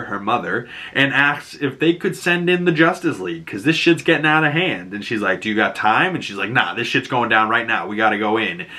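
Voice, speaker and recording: A man with a Boston accent casually recapping a TV episode, laughing often and acting out characters' lines in quick bursts. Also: lowish voice, bright, forceful tone. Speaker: show recap host.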